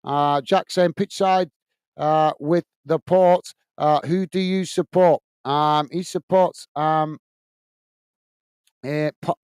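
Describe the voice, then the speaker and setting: A man with a fairly high, smooth, clean voice hosts a live football watch-along, casually reading viewer comments out loud and answering them amid lots of filler sounds. He speaks slowly in a steady, slightly mellow tone, recorded close and dry with no room sound.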